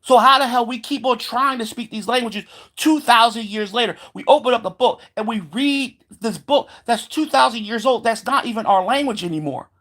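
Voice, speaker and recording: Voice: mid-range voice, normal speed, fairly bright tone. Swearing, sarcastic ranting vlogger. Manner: heated, sarcastic, swears constantly; stumbles into repeated filler words. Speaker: solo vlogger. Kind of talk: profane rant to camera.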